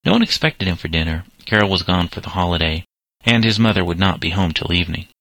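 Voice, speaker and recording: A man reading a story aloud as narrator, in a steady, plain way. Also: deep voice, fast talker, no echo, poor audio.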